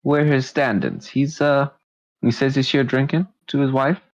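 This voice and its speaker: A man voicing a gruff, wise male city guard, slangy and knowing. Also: mid-range voice, normal speed, dry recording, pitched above the performer's own voice, close to an everyday voice. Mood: conspiratorial. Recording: dull lo-fi stream audio.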